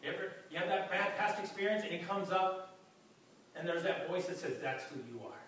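A pastor preaches earnestly, often repeating words and restarting mid-thought. His voice sits high, steady, brisk, and fairly bright, heard from a distance in a very echoey room with faint background noise.

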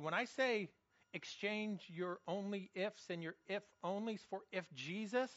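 A man's voice: high-pitched, a bit bright, no room sound, muffled recording. A man preaching a sermon, earnest and emphatic, often repeating words as he builds to questions. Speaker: pastor.

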